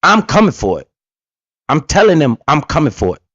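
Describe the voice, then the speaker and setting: A man's voice: on the high side, big pitch swings, normal speed, fairly bright tone, no echo. Fired-up, profane man ranting about money. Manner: heated, profane, preachy. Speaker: finance commentator reacting to a clip. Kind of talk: fired-up reaction commentary. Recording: dull lo-fi recording.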